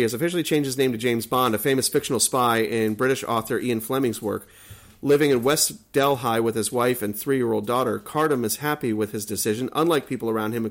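A man with a gravelly, creaky voice reads strange news items at a level, middling pitch. He goes through the story in long runs, then trails off into loose asides. It is a relaxed podcast chat recorded at home. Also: brisk. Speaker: podcast host. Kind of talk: casual chat, reading news items aloud.

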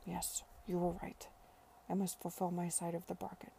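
Regretful young gentleman, read by a woman, hushed, low and quiet, with gravel. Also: completely flat delivery, moderate pace, slight background noise.

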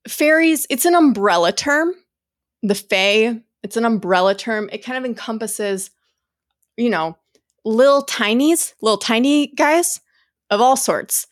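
A young woman co-hosting a casual podcast. She reads a spooky tale aloud, drops into a hushed voice, and swears casually. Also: fairly high pitch, lively intonation, a little slow, no room sound. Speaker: podcast co-host. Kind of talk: casual chat, reading a story aloud.

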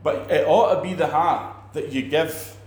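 Animated preacher man, echoey room. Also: a little high, measured pace. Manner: animated, acts out quoted preachers, many restarts. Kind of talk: conversational teaching on faith.

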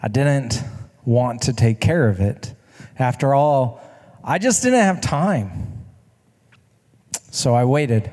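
A man's voice: medium pitch, lively intonation, slow pace, pauses often, a little mellow. A man telling a story from the pulpit in a chatty, conversational way, often restarting his sentences and tossing in asides to the listeners. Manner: conversational, self-correcting, rhetorical asides. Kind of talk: storytelling sermon. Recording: long reverb of a large hall.

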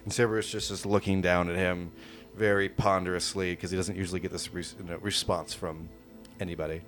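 A man's voice: low voice, flat delivery, fairly quick, fairly bright tone, soft background music. A man narrating a tabletop game as game master, casual and hesitant with many fillers.

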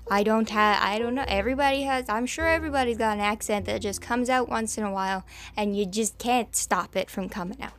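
Reading news stories a little fast, a woman speaks in a bright, higher-than-average voice. She hosts a podcast, lets a Southern American accent creep in, fumbles names, and adds sarcastic asides in a casual commentary style.

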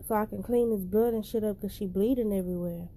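A woman's voice: medium pitch, fast talker, dark tone, natural voice. A woman voicing a crude, menacing adult man who barks harsh, profane orders.

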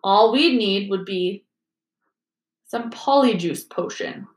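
A woman's voice: mid-range voice, slow pace, close to an everyday voice. A woman voicing a clever, cautious teenage schoolgirl who talks earnestly, in an echoey room. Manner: earnest, careful.

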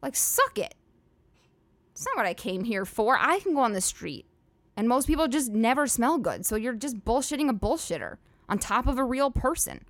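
A woman's voice: a little high, very animated, moderate pace, no echo. A young woman hosting a solo comedy podcast, ranting in a chatty, sarcastic, profane way full of "like" fillers. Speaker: podcast host.

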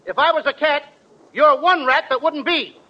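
A man's voice: very high-pitched, moderate pace, muffled recording. A man doing cheeky, boyish wisecracks as the comic in a 1940s radio comedy.

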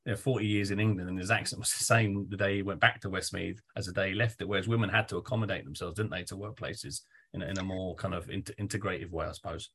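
A man hosting an interview, telling stories in a quick, chatty way with casual swearing. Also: deep voice, fairly even intonation, fairly bright tone, husky. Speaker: podcast host. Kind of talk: interview conversation.

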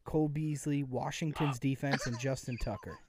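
A man's voice: mid-range voice, steady tone, moderate pace, background noise. A young man hosting a casual sports podcast, rambling with lots of fillers. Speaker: podcast host and editor.

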